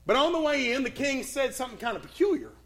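A man with a very high voice preaches a sermon, telling a Bible story with dramatic pauses. He swings from a raised, urgent voice down to near hushes. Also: big pitch swings.

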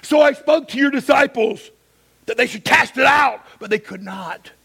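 A man's voice: very high-pitched, moderate pace, vocal fry, sharp tone, slightly rough, voice pushed up, exaggerated voice. A preacher reading aloud as a desperate father who begs for his son and cries out. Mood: pleading. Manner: pleading, voice rising to cries. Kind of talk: dramatic scripture reading.

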